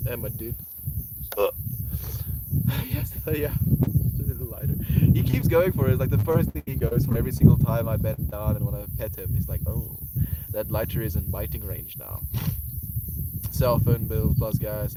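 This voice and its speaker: A man's voice: mid-range voice, distant mic. A man chatting casually on a livestream, playfully teasing his pet outdoors. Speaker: live streamer. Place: outdoors on grass at night. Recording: loud outdoor cricket noise. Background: crickets.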